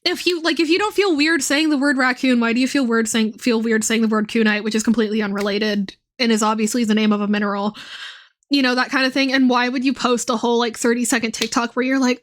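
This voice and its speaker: A woman's voice: on the high side, steady tone, fast talker. A young woman streaming and chatting casually, rambling with lots of fillers and swearing. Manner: rambling, profane, many fillers.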